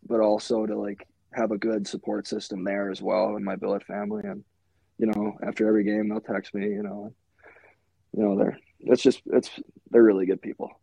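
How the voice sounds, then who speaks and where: A man's voice: on the low side, level tone, brisk, gravelly, dark tone, breathy edge, no room sound. A young man from Minnesota, a hockey goalie, talking in a laid-back casual way as a podcast guest, full of "like" and "you know". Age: young adult.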